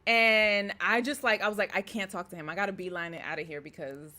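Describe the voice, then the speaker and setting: Young woman, podcast host, casual storytelling, animated, bright voice. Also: mid-range voice, fairly quick. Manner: animated, often acts out her own quoted thoughts.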